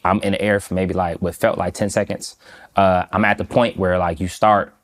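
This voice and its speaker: A man from Michigan, a guest in an interview, recounting a personal story in a slow, halting, reflective way with many pauses. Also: sits low, level tone. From Michigan, USA.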